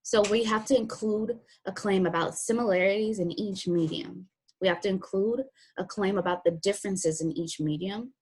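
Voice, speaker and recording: A woman's voice: medium pitch, moderate pace, a little mellow, slightly rough. A woman teacher walking students through a written assignment step by step, in a plain, practical way. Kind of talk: recorded classroom lesson walkthrough.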